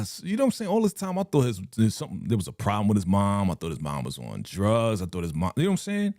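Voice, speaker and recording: A man reacting live to a TV episode, his pitch swinging up and down as he gets worked up. He talks in loose slang, laughs, and acts out the characters' lines. His voice is mellow and close, with a dry sound. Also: huge pitch swings, moderate pace, no room sound. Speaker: reaction streamer.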